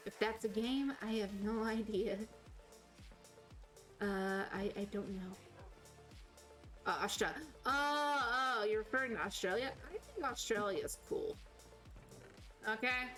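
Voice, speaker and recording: Rambly streamer woman, faint Southern lilt, a bit high, soft music under her. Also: slow pace, pauses often, rough recording. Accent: slight Southern US. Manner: rambling, self-correcting, chatty. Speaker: game streamer. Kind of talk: casual chat while playing.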